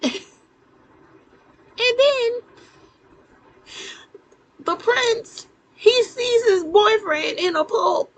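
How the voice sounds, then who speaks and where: A woman casually recapping a TV episode to the camera, animated and incredulous, with plenty of fillers and laughs. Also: extremely high pitch, low-quality recording.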